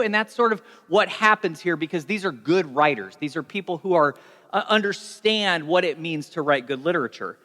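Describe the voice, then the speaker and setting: A young adult man preaching a sermon as pastor, telling stories in a conversational, animated way. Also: fairly high pitch, moderate pace. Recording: long reverb of a large hall.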